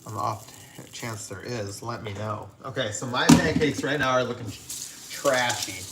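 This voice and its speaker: A man's voice: medium pitch, moderate pace, very noisy. A man hosting a casual cooking livestream from his home kitchen, chatting to viewers and reading their comments aloud. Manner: chatty, talks to viewers and reads chat aloud. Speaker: livestream host.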